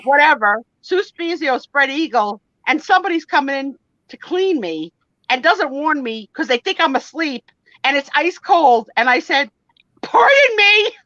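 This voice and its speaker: Chatty woman guest, bright lively voice, dull lo-fi stream audio, lots of playful storytelling. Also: high voice, normal speed, no room sound. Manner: animated, self-deprecating, acts out voices in her stories. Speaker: guest on a live vintage photo sale stream. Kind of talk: casual storytelling chat.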